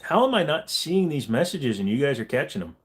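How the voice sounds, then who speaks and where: A man's voice: mid-range voice, very animated, fairly quick. A man hosting a casual late-night livestream Q&A, rambling and joking as he reads chat messages aloud. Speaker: livestream host.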